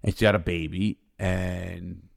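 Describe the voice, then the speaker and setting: A man's voice: low voice, fairly even intonation, unhurried, creaky. Blunt, profane man telling prison stories. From United States. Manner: profane, blunt, rambling with restarts. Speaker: interview guest, ex-convict. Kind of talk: casual storytelling.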